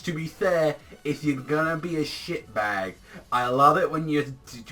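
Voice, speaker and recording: Give me an excitable, foul-mouthed man reviewing a cartoon episode, bright and punchy. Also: medium pitch. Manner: excitable, heavy swearing, rambling asides. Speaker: anime reviewer. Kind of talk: casual profane episode review.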